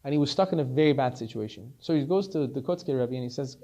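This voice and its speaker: A man, a rabbi, telling a story in a sermon, animated and repeating words as he stresses them. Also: mid-range voice, fast talker, lo-fi sound.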